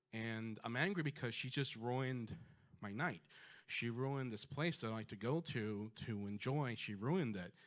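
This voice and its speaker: A man telling a personal story on stage, conversational and lively, with many ums and you-knows. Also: on the low side. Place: storytelling stage before an audience.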